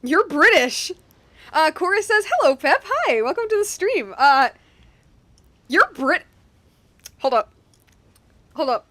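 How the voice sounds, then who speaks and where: Excitable, giggly young woman streamer. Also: very high-pitched, a little slow, long pauses, no echo. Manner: excitable, giggly, many restarts and "like"s. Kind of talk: casual game livestream commentary.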